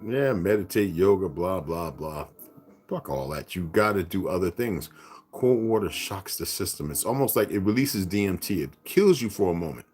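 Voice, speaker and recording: A man's voice: low-pitched, expressive, normal speed, darkish tone, slightly rough. A man hosting a casual livestream, rambling and profane, laughing often as he talks. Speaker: livestream host.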